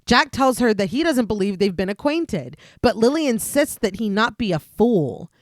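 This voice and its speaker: A woman co-hosting a podcast, narrating a detailed film plot recap in a steady voice. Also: on the high side, moderate pace, dry recording, studio quality. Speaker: podcast co-host.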